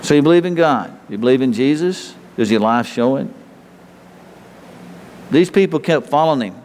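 A man's voice: medium pitch, expressive, normal speed, darkish tone, a little hiss or hum. A man preaching a sermon in a folksy, conversational way, often restarting phrases and chuckling. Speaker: pastor. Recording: reverberant hall.

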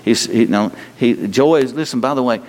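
A man's voice: mid-range voice, normal speed, a little mellow. A man preaching a sermon in a folksy, humorous way, with restarts and sudden bursts of emphasis. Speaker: pastor. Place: church sanctuary. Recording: long hall reverb.

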